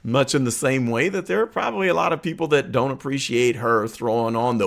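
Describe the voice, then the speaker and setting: A man hosting his own political commentary vlog, talking earnestly and conversationally with frequent uh and um pauses. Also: mid-range voice, creaky. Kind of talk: opinion vlog monologue.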